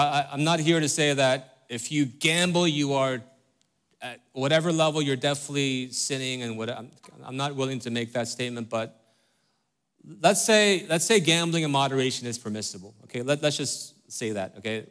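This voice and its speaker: A man's voice: medium pitch, animated, moderate pace, fairly bright tone. Middle-aged man, pastor giving a sermon; earnest, chatty, frequent tag questions, mid-range voice. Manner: conversational, many fillers and tag questions like "right?" and "okay?"; direct and earnest with the congregation.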